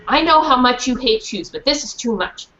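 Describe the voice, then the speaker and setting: A woman's voice: high-pitched, expressive, moderate pace, sharp tone, roomy sound. A woman voicing a strict, scolding mother in a storybook, in a dull lo-fi recording. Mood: stern. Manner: stern, scolding.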